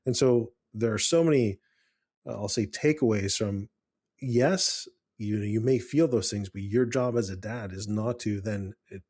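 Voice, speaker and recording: Low-voiced, mellow man on a podcast. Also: moderate pace. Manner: calm, earnest, tells personal stories with many restarts. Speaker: podcast co-host. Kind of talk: casual podcast chat.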